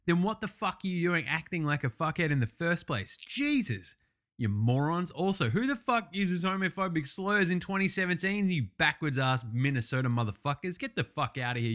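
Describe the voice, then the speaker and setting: A man hosting a casual sports recap, ranting excitably and swearing a lot. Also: mid-range voice. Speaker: podcast host.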